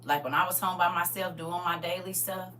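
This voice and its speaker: A middle-aged woman preaching through funny stories, chatting directly with the crowd and now and then bursting out loudly. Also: fairly low pitch, fairly quick. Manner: lively and chatty, teasing the crowd directly, sudden loud outbursts. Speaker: speaker at a live church gathering. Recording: far-off mic with faint hum.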